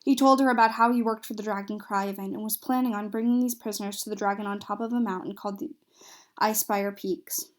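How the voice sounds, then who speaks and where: A woman's voice: mid-range voice, steady tone, fast talker. A woman narrating a recap of a tabletop fantasy game, reading steadily with small slips and restarts.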